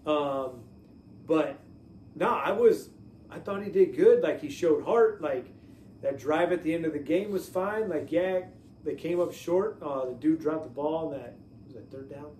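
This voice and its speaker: A man co-hosting a casual sports podcast. He talks in a relaxed, hesitant way with many fillers. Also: a little high, unhurried. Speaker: podcast co-host. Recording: echoey room, mic at a distance, faint noise.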